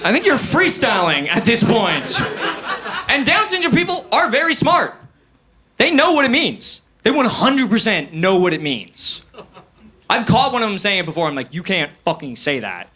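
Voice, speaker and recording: A man's voice: very high voice, sing-song, normal speed, sharp tone, slightly rough. A young man in his twenties doing stand-up comedy on stage before a live audience, rambling and profane.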